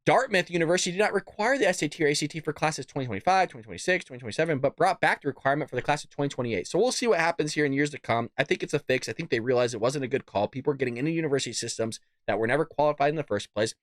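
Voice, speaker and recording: A man's voice: on the high side, lively intonation, rapid-fire, few pauses, no room sound, clean studio sound. A man hosting a political commentary show, ranting bluntly and cussing. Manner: blunt, fired-up, cusses. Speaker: host.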